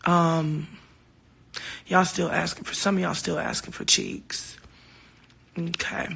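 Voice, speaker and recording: Woman on a phone livestream, bright voice, talks real open and heartfelt, drops a swear here n there. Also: fairly low pitch, wildly swooping pitch, slow pace, creaky, husky. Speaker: singer hosting a livestream. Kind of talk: casual livestream talk.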